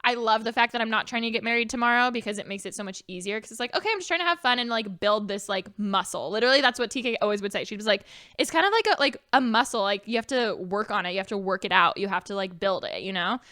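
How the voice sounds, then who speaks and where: Bright-voiced bubbly young woman chatting. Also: mid-range voice, quick pace, no room sound, studio quality. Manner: chatty, bubbly storytelling with many fillers. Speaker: podcast co-host. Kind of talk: casual chat.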